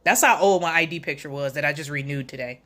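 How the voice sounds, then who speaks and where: A woman with a low-pitched, sharp voice and a quick pace hosts a casual livestream. She reads chat comments aloud, greets viewers by name, and jokes sarcastically, laughing often.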